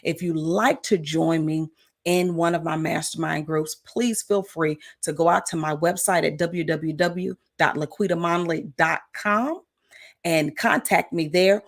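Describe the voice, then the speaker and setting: Low, gravelly-voiced woman coaching. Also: steady tone, a little slow. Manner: encouraging, repeats affirmations with many "uh" fillers. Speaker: coach and show host. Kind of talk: motivational livestream talk.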